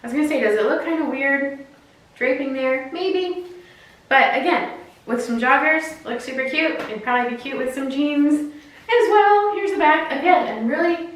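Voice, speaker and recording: A fashion vlogger chats casually and giggles through a clothing try-on haul, using lots of fillers. Her high-pitched voice sounds distant and off-mic in a very echoey room.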